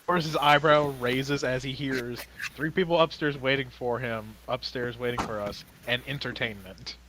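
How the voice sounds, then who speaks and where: A man's voice: medium pitch, fairly even intonation, moderate pace, bright, forceful tone, slight background noise, poor audio. A man playing a tabletop game, impatient and pushing his own plan on the group. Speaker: player. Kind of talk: casual tabletop play.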